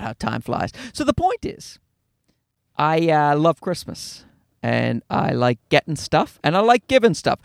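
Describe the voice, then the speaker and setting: A man's voice: on the high side, vocal fry, fairly bright tone, no room sound. A comedian in his thirties hosting his own podcast from a home studio, ranting casually with profanity and acted-out voices.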